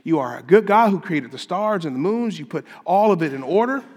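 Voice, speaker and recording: Pastor, man, fairly high voice, emphatic sermon delivery, long reverb of a church hall. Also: animated, brisk. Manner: emphatic preaching, rising to loud climaxes. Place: church sanctuary.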